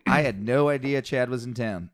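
A young man in easygoing conversation, spinning loose anecdotes with plenty of profanity. His voice sits in a middle pitch. He laughs at himself as he goes. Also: moderate pace, dry recording, clean studio sound. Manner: swearing, animated storytelling with laughs. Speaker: co-host. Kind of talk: casual chat.

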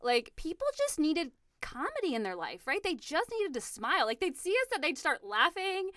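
A woman hosting a podcast, telling stories in a lively, chatty way with many fillers. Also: sits high, moderate pace, dry recording, clean studio sound. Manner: animated storyteller, many fillers. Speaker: podcast host. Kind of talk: casual chat.

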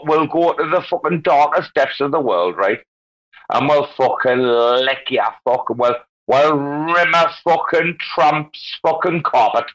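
A boisterous man who rambles and swears his way through loose banter, his pitch jumping all over the place. His voice comes through a muffled, lo-fi online call line. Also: fairly bright tone. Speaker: guest speaker in a crypto audio space. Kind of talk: rowdy casual banter.

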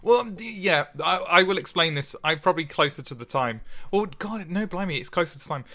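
Man, podcast co-host, casual chat, bright tense voice, lively talker. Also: high voice, brisk. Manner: chatty, animated, laughs often.

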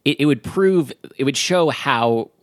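A man's voice: mid-range voice, lively intonation, a little slow, no echo, clean studio sound. A man co-hosting a casual show, riffing playfully and making things up as he goes. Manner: joking, rambling, full of fillers and restarts. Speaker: podcast co-host. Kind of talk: casual chat.

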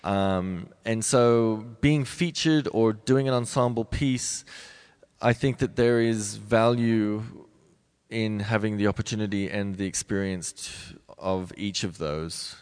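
A man in his forties, a ballet dancer being interviewed, who talks thoughtfully with many pauses and restarts. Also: fairly low pitch, clean tone. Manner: thoughtful, halting, many restarts and soft laughs. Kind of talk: reflective interview conversation.

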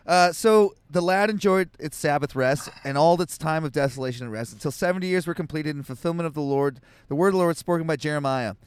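A man's voice: fairly high pitch, fast talker, hardly any pauses, clear, resonant tone, no room sound. A man co-hosting a casual comedic podcast, reading scripture aloud between loose tangents. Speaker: podcast co-host. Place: home podcast setup in Austin.

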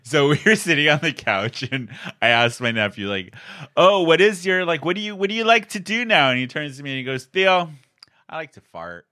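Bright, animated male podcast co-host. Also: fairly quick. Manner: animated storyteller, mimics relatives in high squeaky voices. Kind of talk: casual chat.

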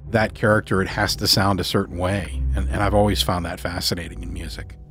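A man's voice: sits low, steady tone, a little fast, fairly bright tone. A man hosting a podcast, thoughtful and articulate in casual interview chat. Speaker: podcast host.

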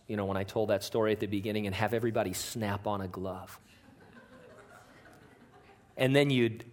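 A man, a pastor, giving a conversational sermon in church, joking and often changing his pitch and loudness.

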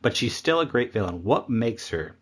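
A man hosting a podcast interview, asking thoughtful, halting questions. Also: mid-range voice, sing-song, husky. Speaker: podcast host.

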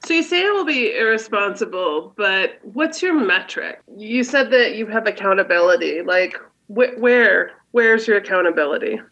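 A woman interviewer presses her guest with direct, probing questions. Her voice sits at a middle pitch. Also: expressive, moderate pace, hardly any pauses, fairly bright tone, dull audio.

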